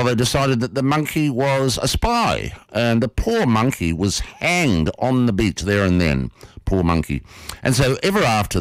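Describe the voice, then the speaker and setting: A man hosting a radio show, telling a story in a lively, animated way from a studio. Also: fairly low pitch, no room sound, rough recording. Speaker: radio host.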